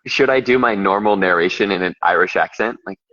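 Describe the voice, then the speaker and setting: A man's voice: deep voice, fairly quick, sharp tone. A young man, an audiobook narrator, chatting casually from a hotel kitchen over a video call and rambling with lots of fillers. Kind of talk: casual live chat. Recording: lo-fi livestream audio.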